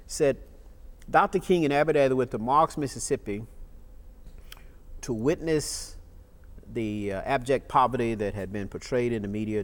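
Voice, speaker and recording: Man telling an emphatic story. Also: mid-range voice. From Georgia, USA. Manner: emphatic storyteller, repeats key phrases. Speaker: interviewee, state legislator. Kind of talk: oral history recollection.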